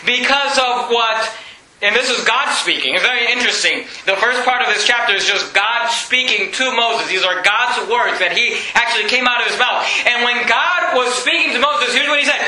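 A man's voice: very high-pitched, pushed and bright. A man preaching a sermon as pastor, in a conversational, joking style with frequent repetitions and restarts. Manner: conversational, joking preacher who repeats himself. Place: church. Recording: echoey church room.

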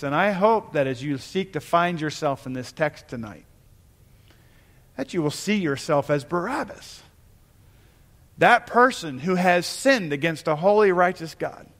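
A male pastor preaching a sermon in a church, earnest, pausing and restarting as he builds to emphatic calls. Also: on the high side, animated, fairly bright tone, long reverb tail. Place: church sanctuary.

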